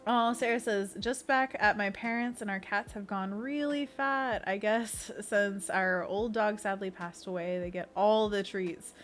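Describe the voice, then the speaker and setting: A young woman streaming as an art host, chatting casually with viewers while she paints, giggly and quick to slip into playful bits. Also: mid-range voice, fairly bright tone.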